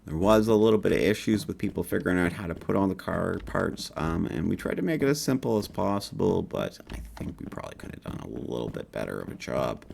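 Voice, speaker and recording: A man's voice: sits low, big pitch swings, fast talker, gravelly, few pauses, a little mellow, a little hiss or hum. A man from northern Canada with a slight northern Canadian accent, a game developer giving a casual, upbeat walkthrough of his game with folksy asides. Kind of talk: gameplay walkthrough commentary.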